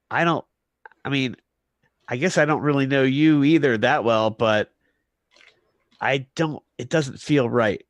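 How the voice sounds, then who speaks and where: A man playing a tabletop role-playing game, talking in a halting way with many fillers and restarts. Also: medium pitch, fairly bright tone, no room sound, studio quality. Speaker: player. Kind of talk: in-character tabletop role-play.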